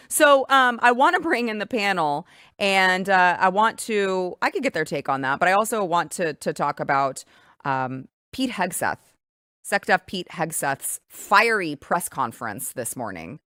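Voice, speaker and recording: A woman's voice: lowish voice, big pitch swings, measured pace, sharp tone, no room sound, studio quality. A woman hosting a political talk show, giving opinionated commentary with a sarcastic, mocking edge.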